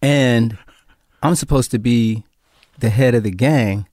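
A man tells a story in a relaxed interview, mid-pitched and lively as he acts out everyone else's lines, swearing freely. The sound is dry and close. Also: takes it slowly, no echo. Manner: animated storyteller acting out quoted voices, frequent profanity. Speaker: actor, guest.

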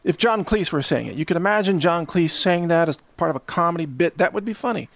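Male host, sarcastic ranter, higher register, dead-dry room. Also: lively intonation, fast talker, vocal fry, a bit bright, no echo. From Southern US. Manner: sarcastic, chuckling between jabs. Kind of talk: ranting monologue.

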